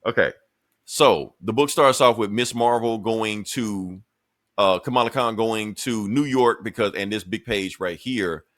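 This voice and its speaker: A man's voice: fairly low pitch, measured pace, a bit bright, no echo, studio quality. A man co-hosting a podcast, recapping comic books in a laid-back, profane, joking way. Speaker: podcast co-host. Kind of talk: casual comic book chat.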